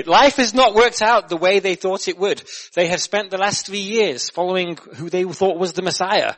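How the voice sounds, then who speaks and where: A young man preaching a sermon in a chatty, animated way, repeating words and putting questions to the listeners. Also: sits high, moderate pace, hardly any pauses. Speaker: guest preacher.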